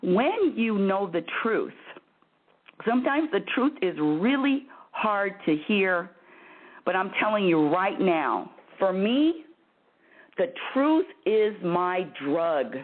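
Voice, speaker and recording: A woman's voice: mid-range voice, big pitch swings, slow pace. A woman hosting a spiritual advice call-in show, talking in an emphatic, bossy and emotional way, often laughing. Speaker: call-in radio host. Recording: phone-like narrow band.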